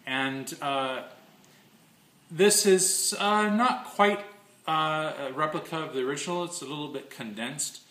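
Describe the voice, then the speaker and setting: A man's voice: medium pitch, pushed and bright. A man who owns a design studio gives a casual show-and-tell, chatty and gushing with crude offhand asides. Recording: echoey room.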